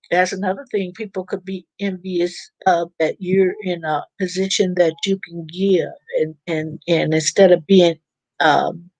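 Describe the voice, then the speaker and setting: A woman's voice: on the low side, no room sound. A woman hosting a casual live stream, chatting informally and reading out viewer comments. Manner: chatty, informal, preachy about faith.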